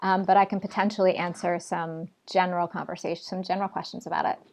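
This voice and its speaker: A woman's voice: fairly low pitch, flat delivery, quick pace. A woman in her forties, a television host and writer, answering interview questions in a fluent, articulate conversational way on a video call. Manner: articulate, fluent storytelling with occasional fillers.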